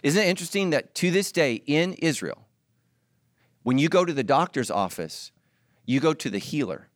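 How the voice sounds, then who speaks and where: A middle-aged male pastor preaches with a lively, swinging voice that jumps high and drops low. He mixes teaching with playful asides to his congregation. The sound is close and dry. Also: moderate pace, dry recording. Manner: animated, joking asides to the congregation. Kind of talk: sermon.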